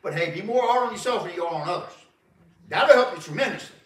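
A man preaches a folksy sermon, his bright, ringing voice swooping up and down as he keeps turning to the crowd. He chuckles between points and circles back on his words. The sound is roomy, as if picked up by a mic set back in a church. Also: sits high, animated, fast, distant mic. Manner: folksy, repeats himself, chuckles often, calls the crowd folks. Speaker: pastor. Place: church sanctuary.

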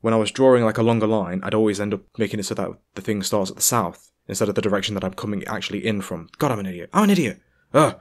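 A man, commentating his own gameplay, talking to himself, shouting and swearing when stuck. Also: lowish voice, very fast, hardly any pauses. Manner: excitable, talks to himself, swears and shouts in frustration. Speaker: gaming YouTuber. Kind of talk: let's-play commentary.

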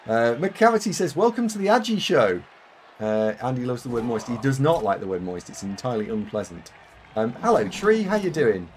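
A man's voice: medium pitch, expressive, fairly quick, a little mellow, a little hiss or hum. A man with a Yorkshire accent casually commentating his own game live, thinking aloud and chatting with viewers. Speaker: game streamer.

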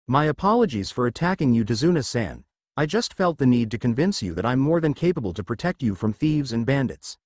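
A cold, bitter teenage boy ninja, as a man reads him in a fanfiction story, flat and quietly seething. The voice still moves around a lot in pitch. The sound is dry and close. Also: brisk, dry recording. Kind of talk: fanfiction read-aloud.

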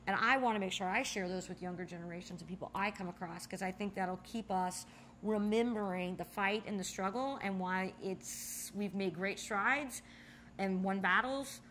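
An animated woman speaking in a recorded oral history interview inside a bar. Her pitch sits mid-range for a woman, but it leaps sharply whenever she quotes someone or gets carried away. A faint hiss sits under the recording. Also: moderate pace. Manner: animated storyteller, acts out quotes with sudden high exclamations. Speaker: interviewee, bar co-owner and nonprofit founder.

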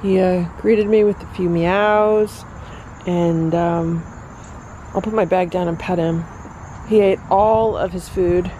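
A cat vlogger narrating a casual home vlog in a calm, matter-of-fact way, filming around the house and yard. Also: medium pitch, slow pace, slight background noise.

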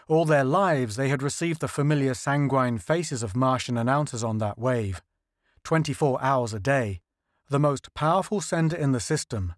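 A man reading science fiction as an audiobook narrator in an even, measured way. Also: mid-range voice, no room sound, studio quality. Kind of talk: scripted narration.

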